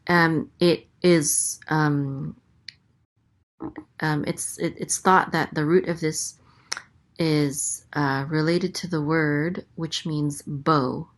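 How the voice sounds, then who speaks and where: A woman teaching a language lesson, sounding out letters and vowels slowly and carefully, with frequent hesitations. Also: low voice. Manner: hesitant, many ums, slow careful sounding-out. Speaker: Hebrew teacher. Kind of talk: casual teaching, spelling out letters.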